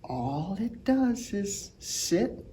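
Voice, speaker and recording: A woman reading a picture book aloud to children, telling the story with animation and imitating bird calls in high, loud chirps. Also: very animated, extremely slow, a little hiss or hum. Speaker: children's art program teacher reading aloud.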